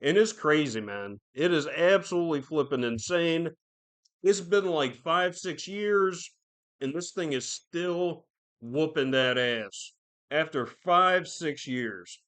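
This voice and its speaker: A man hosts a podcast on his own, his voice on the high side, slightly bright, slow-paced, and lively in intonation. The talk is rambling, casual commentary packed with swearing and fillers.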